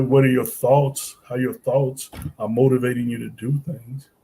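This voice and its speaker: A man's voice: medium pitch, warm tone, slightly rough. A man in his sixties hosting a reflective podcast, a former ethics teacher who asks rhetorical questions and acts out his classroom exchanges. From United States. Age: 60s.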